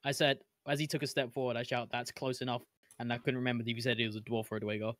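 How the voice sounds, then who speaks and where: A man's voice: medium pitch, steady tone. Chatty man at a game table. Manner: chatty, joking, quick to laugh it off. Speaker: player. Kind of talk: casual chat while playing a tabletop game.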